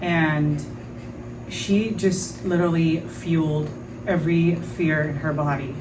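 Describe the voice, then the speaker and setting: A woman hosting a podcast, telling a story in a frank, animated way, with lots of fillers and some swearing. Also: low voice, takes it slowly, distant mic, noisy background. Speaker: podcast host. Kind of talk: casual storytelling monologue.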